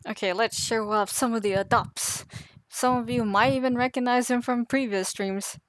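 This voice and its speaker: A woman's voice: a little high, fairly even intonation, normal speed, dry recording. Chatty woman streamer, dry close sound. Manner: chatty, rambling, laughs at herself. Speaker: artist streamer. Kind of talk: casual live-stream chat.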